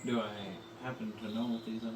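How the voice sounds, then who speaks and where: A man's voice: lowish voice, flat delivery, fast talker. Joking man playing a tabletop game. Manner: joking, plain questions in character. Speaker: player. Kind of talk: casual tabletop game play. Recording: distant, echoey room with loud background noise.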